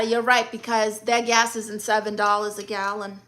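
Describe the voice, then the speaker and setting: A woman's voice: medium pitch, flat delivery, normal speed, a bit bright, a little hiss or hum. A woman from Brooklyn with a New York accent, casually chatting on a livestream and reading viewer comments in a sassy, teasing way. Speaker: livestream host.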